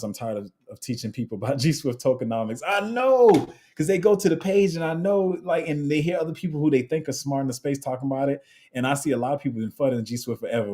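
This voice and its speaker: Husky, low-voiced livestream host. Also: male voice, warm tone. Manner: chatty, slangy, trails off and restarts while multitasking. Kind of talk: casual live Q&A, reading chat.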